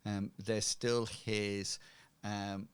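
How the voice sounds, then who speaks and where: Slow, hesitant game master man. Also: fairly low pitch, level tone, clear, resonant tone, no room sound. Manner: hesitant, many ums, slow. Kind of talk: narrating a tabletop game.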